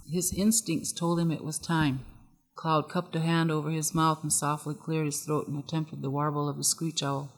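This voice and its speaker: An audiobook narrator reading a story in a steady, measured way. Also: mid-range voice. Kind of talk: scripted narration. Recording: long hall reverb on the voice.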